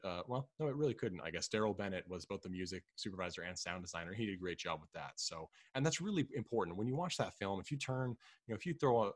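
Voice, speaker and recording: A man's voice: low voice, a bit bright, no echo. A man hosting a casual film-discussion podcast, rambling with many fillers and restarts. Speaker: podcast host.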